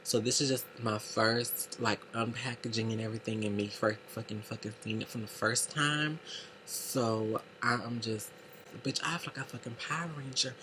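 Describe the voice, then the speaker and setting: A man unboxing makeup for a casual beauty vlog, talking in a gushing, excitable way with heavy cursing. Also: medium pitch, moderate pace, background noise. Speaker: beauty vlogger. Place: indoor room lit by a makeup light.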